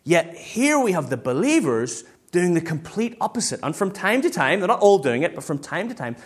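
Man preaching, conversational, fairly high voice, very animated. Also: normal speed. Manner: lively, conversational preaching with acted-out quotes. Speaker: pastor. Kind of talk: sermon.

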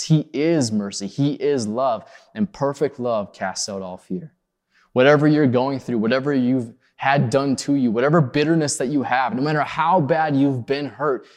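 A man preaching a sermon in an earnest, pleading way, rising in urgency and then sinking soft and low. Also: big-room sound. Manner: earnest, pleading, rises high on acted quotes then drops soft. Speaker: pastor.

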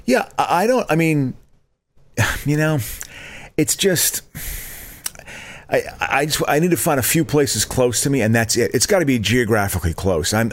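A middle-aged man co-hosting a podcast, rambling in casual chat and jumping into high mock outrage. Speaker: podcast co-host.

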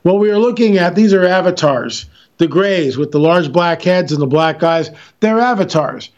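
A man's voice: high voice, animated, normal speed, a little mellow, muffled recording. A man talking as an interview guest, telling stories emphatically with frequent restarts. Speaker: interview guest, filmmaker and author. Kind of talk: animated radio interview talk.

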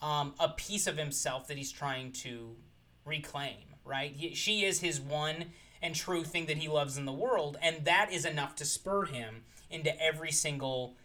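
Man, podcast guest, bright tone, slightly high pitch, enthusiastic, articulate, ums. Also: measured pace. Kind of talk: casual film discussion.

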